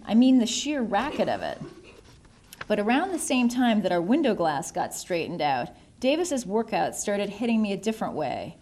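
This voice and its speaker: A woman narrating a novel in the first person, wry and measured. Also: medium pitch, sing-song, darkish tone. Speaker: audiobook narrator.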